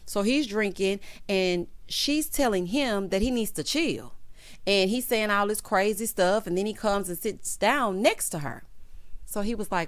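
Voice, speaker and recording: A woman's voice: mid-range voice, expressive, measured pace, dry recording. A woman giving a sassy, opinionated reality TV recap, acting out quotes in character. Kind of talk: casual recap commentary.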